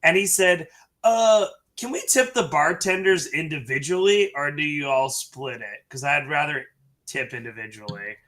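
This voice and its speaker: A man's voice: fairly high pitch, moderate pace, sharp tone. A man co-hosting a live stream, telling bar stories in casual chat and laughing as he goes. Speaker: bartender and co-host. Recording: live stream call audio.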